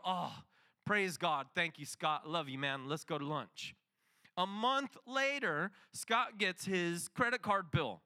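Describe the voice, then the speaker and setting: A man's voice: high-pitched, sharp tone. A middle-aged man preaching a sermon, telling a story and acting out the dialogue.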